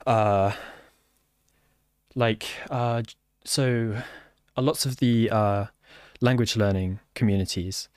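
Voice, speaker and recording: Low-voiced man, halting casual chat. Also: fairly even intonation, a little mellow, smooth, no echo, clean studio sound. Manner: halting, full of fillers and restarts. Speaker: software developer. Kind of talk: casual conversation.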